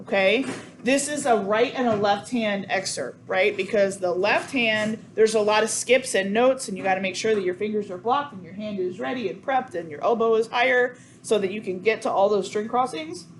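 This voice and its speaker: A woman coaches a cello sectional, counting beats out loud and apologizing frequently. She speaks at a medium pitch and moderate pace, with noisy room sound around her.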